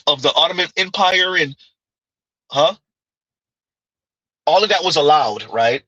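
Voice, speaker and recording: A man's voice: on the high side, pushed and bright, husky, dry recording, rough recording. A man giving casual livestream commentary, arguing his point with pointed rhetorical questions and reading chat comments aloud.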